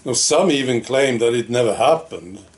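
A man's voice: medium pitch, expressive, moderate pace. A man giving a casual opinion monologue to the camera, talking conversationally and dropping frequent rhetorical questions and "right?" asides. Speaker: political vlogger.

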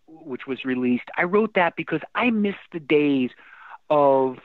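A middle-aged man, a guest musician telling stories in a casual interview, animated and emotional, often restarting his sentences. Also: a little high, unhurried, dry recording. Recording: dry tinny phone-like line.

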